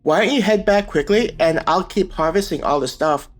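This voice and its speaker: A man reading the lines of a stubborn young woman survivor in an audiobook, in a plain, even manner. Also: sits high, moderate pace, faint music behind, natural voice.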